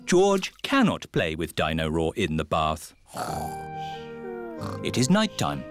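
A narrator telling a children's cartoon in a calm, clear storybook manner. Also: female voice, a bass voice, takes it slowly. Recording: with cartoon music behind.

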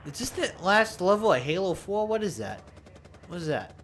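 A man's voice: sits high, moderate pace. A young man casually chatting and swearing while playing an online shooter with friends, often laughing. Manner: excitable, swearing, laughing banter. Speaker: gaming channel host. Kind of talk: casual multiplayer gaming chat. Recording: noisy game audio behind voice.

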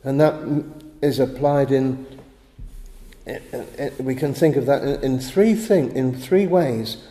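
A male pastor preaching a sermon in a chapel, measured and deliberate, often stumbling and restarting over short words. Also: mid-range voice, mellow. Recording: echoey chapel with long reverb.

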